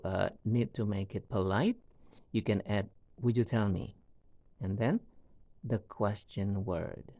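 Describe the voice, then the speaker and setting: A man teaching an English lesson on video, talking slowly and often checking in with "all right?". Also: lowish voice, a little mellow, no room sound.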